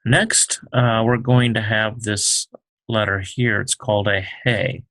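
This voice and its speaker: A man teaching the Hebrew alphabet, talking slowly with many fillers as he writes out each letter. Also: lowish voice, steady tone, fairly bright tone, no echo. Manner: slow, halting, many fillers, explains while writing. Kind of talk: unscripted alphabet lesson.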